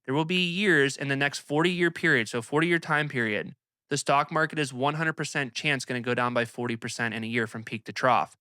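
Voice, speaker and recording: Young man, investing host, energetic, emphatic, casual talk to camera, smooth voice, dry sound. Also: mid-range voice, brisk, no echo.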